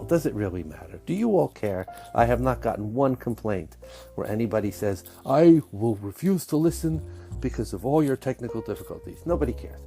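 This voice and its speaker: Male podcast host, low mellow voice gone scratchy, chatty and upbeat, faint music under him. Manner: chatty, enthusiastic, self-deprecating. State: scratchy voice, getting over illness. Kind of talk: solo podcast intro.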